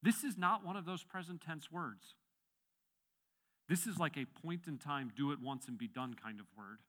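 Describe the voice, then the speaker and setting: A man's voice: a little high, moderate pace, a bit bright. A man giving a sermon as pastor, preaching emphatically and rising and falling on key phrases.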